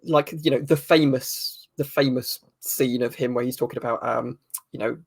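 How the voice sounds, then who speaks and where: Man author guest, thoughtful, hesitant, dry humor, mid pitch, dead-dry close recording. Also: steady tone, moderate pace, vocal fry, slightly rough, dry recording. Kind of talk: casual interview answers.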